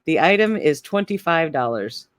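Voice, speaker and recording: Soft-spoken giggly woman guest. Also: low voice, expressive, moderate pace, a loud crowd. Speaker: guest co-host. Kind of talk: casual chat.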